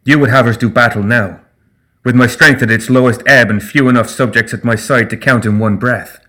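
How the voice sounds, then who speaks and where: A man voicing a stern, proud fae queen in an audiobook, speaking with measured, regal gravity. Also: on the low side, steady tone, lightly acted. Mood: sharp.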